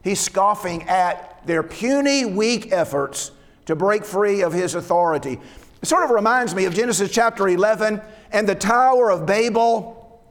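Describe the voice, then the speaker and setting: A man's voice: high voice, animated, moderate pace. A man preaching a sermon, reading verses aloud and explaining them in an earnest way, often repeating his words. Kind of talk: sermon on Scripture. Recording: long reverb of a hall.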